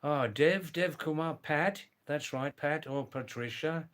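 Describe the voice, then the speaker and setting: Slow-talking older man hosting a live stream. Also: fairly high pitch, a bit bright. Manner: slow, chatty, greets viewers by name, often says wow. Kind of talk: casual live stream chat with viewers.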